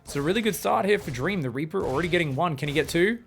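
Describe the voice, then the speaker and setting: A man giving excitable live commentary on an esports match, breaking into sudden high exclamations. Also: racing, creaky, soft background music. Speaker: esports caster.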